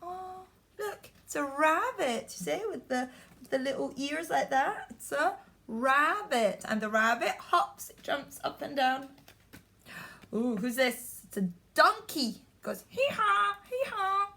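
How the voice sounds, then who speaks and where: Woman, teacher, slow and drawn-out, fairly high voice, encouraging and repetitive. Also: animated, sharp tone. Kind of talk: remote lesson for young children.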